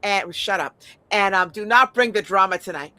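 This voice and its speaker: A woman's voice: medium pitch, moderate pace, pushed and bright, dry recording. A middle-aged woman chatting casually as a podcast host, blunt and prone to swearing, stammering over repeated words and laughing often. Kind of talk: casual chat.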